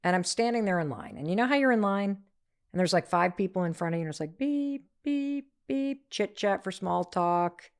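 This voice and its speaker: A middle-aged woman, an author, telling a story as an interview guest, lively and acting out the voices of the people in it. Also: lowish voice, brisk, clean tone. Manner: energetic, acts out quoted voices.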